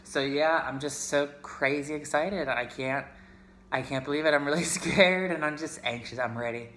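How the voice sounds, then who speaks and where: A man's voice: fairly high pitch, normal speed, fairly bright tone, a little hiss or hum. A chatty, emotional man from Pittsburgh, talking casually in a vlog and mixing in Spanish words. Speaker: vlogger.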